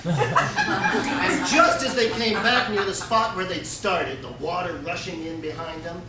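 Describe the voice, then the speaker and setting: A man telling a folksy tall tale to a live audience in a deadpan, mock-solemn manner. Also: high-pitched, unhurried. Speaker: storyteller. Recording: echoey room, distant mic, noisy.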